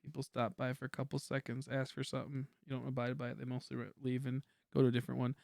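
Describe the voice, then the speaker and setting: Young dude rambling on his game stream, low-key and kinda quiet, gravelly voice, dry close mic. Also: completely flat delivery, fast, dry recording. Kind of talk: casual livestream chat while gaming.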